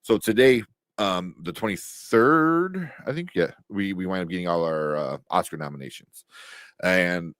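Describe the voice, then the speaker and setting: A man's voice: sits low, lively intonation, a little slow, a bit bright, no echo, studio quality. A man co-hosting a casual movie talk show, rambling with many fillers and restarts. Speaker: podcast co-host. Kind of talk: casual chat.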